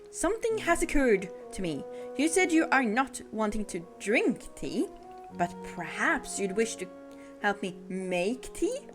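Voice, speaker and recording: A woman voicing a gentle older male tea-shop keeper, reading game dialogue aloud in a polite, formal, soothing way. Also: fairly high pitch.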